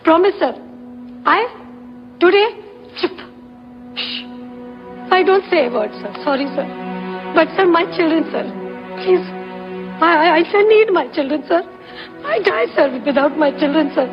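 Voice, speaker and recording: A woman's voice: very high voice, expressive, a little slow, pauses often. Desperate Indian mother. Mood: desperate pleading. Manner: broken English, begging. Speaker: mother in a courtroom. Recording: muffled film soundtrack with music.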